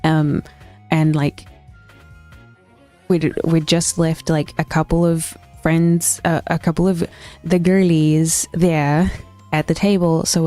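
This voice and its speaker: Young woman streamer, low mellow voice, blunt, sweary casual chat. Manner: blunt, swears freely, laughs between stories.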